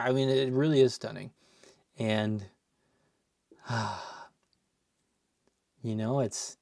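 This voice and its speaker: Give me a man with an average-pitched voice, chatting casually and muttering to himself while opening card packs on a live stream. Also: a little mellow, dry recording, clean studio sound.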